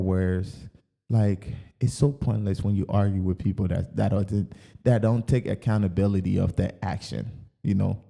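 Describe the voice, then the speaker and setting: A man's voice: fairly low pitch, vocal fry, mellow. Candid young man telling his story. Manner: candid, emotional retelling with many "you know" fillers. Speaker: podcast host. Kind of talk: personal storytelling.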